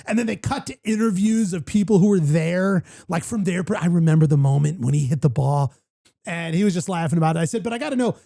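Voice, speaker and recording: A man hosting a casual talk show in a raised, lively register with a gravelly edge to his voice. He tells a story excitedly, piling up fillers, restarts and quick asides. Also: high voice. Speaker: podcast host. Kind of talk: casual chat.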